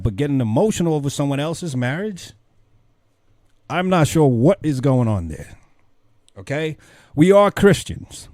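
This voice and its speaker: Male commentary host, preachy and questioning, warm dark voice, dry recording. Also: medium pitch, very animated, moderate pace, long pauses, no echo. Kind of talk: religious commentary.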